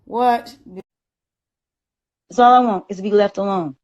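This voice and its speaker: A woman, ranting emphatically on a live stream and growing loud and agitated. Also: mid-range voice, a little slow, muffled recording. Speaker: livestreamer. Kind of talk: heated live-stream rant.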